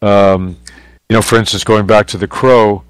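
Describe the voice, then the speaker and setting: A man with a low voice recalls stories as a radio guest, wandering through his sentences with fillers and restarts. The sound is dry and close. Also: steady tone, normal speed, clear, resonant tone, no room sound. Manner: rambling, many fillers and restarts. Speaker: guest photographer. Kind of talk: casual interview storytelling. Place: radio studio.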